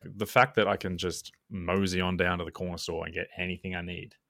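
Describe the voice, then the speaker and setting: A man rambles through a podcast chat and fills his sentences with "like". His very low voice has a gravelly, creaky edge. The recording is dry and close. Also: level tone, a little fast, pushed and bright, dry recording. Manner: rambling and chatty, says "like" constantly. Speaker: podcast co-host.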